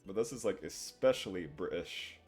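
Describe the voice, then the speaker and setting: A man's voice: low voice, animated, moderate pace, a little mellow, soft background music. A male streamer giving casual, rambling gaming commentary into a desk microphone, laughing often.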